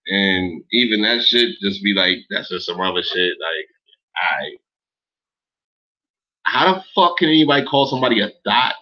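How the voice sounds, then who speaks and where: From indoors in Los Angeles, a man with a low-ish, animated voice hosts a casual livestream at normal speed, pausing often. He answers viewer chat with rambling, slang-heavy swearing, captured in dull lo-fi audio.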